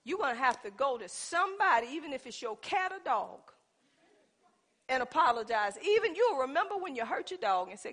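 A woman preaching a sermon, talking with the congregation and swinging from loud exhortation to soft asides. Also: very high-pitched, big pitch swings, fairly quick. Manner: conversational, calls out to the congregation.

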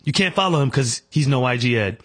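A man's voice: mid-range voice, lively intonation, fast talker, fairly bright tone. Man co-hosting a casual podcast. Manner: reactive, short interjections. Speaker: podcast co-host.

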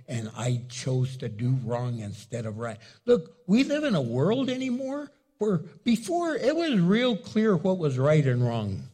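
A middle-aged man preaching a sermon as pastor, animated and acting out little dialogues. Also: medium pitch. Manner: animated, acts out dialogue with the congregation.

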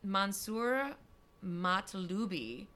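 A woman's voice: medium pitch, expressive, sharp tone. A young woman co-hosting a podcast, telling a story in a casual chat with lots of fillers. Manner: chatty, lots of fillers and quick asides.

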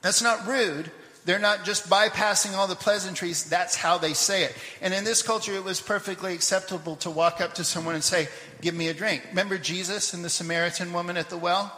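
Bright-voiced pastor preaching in a reverberant church. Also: male voice, high voice, fairly quick. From Papua New Guinea. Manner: lively storytelling with asides to the congregation. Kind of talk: sermon. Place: church sanctuary.

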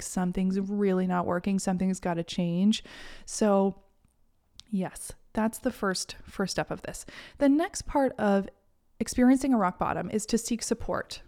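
A woman's voice: mid-range voice, dark tone. A woman hosting a self-help podcast, talking earnestly and encouragingly to her listeners as a confidence mentor. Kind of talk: reflective solo podcast talk.

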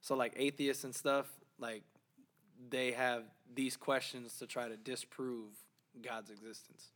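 A man's voice: medium pitch, little pitch movement, measured pace, a bit bright. Male podcast co-host, mid-range voice, casual and jokey, slang-heavy. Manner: loose and joking, slangy, repeats himself. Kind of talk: casual chat.

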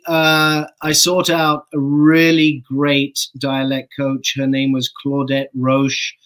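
This middle-aged actor from England, a guest in a casual interview, has a fairly high voice and swears offhandedly as he tells stories in a relaxed way. The recording is rough.

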